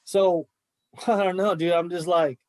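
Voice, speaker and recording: A man's voice: high-pitched, steady tone, a little slow, a little mellow, dry recording. A middle-aged man, a martial arts coach, talking in a fired-up, emphatic way on a podcast. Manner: fired-up, emphatic, says bro a lot. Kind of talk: casual podcast chat.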